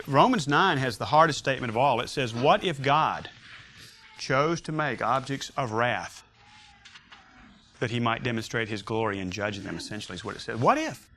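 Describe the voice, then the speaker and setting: A man's voice: medium pitch, a bit bright, slight background noise. A man teaching a Sunday school Bible class, emphatic and joking with his students as they discuss scripture.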